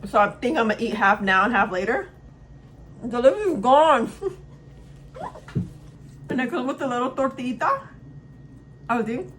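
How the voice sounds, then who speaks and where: A woman's voice: on the high side, fairly quick, fairly bright tone, a little hiss or hum. A young woman chatting casually to camera as a beauty vlogger, upbeat and talking while she eats, at home by a window.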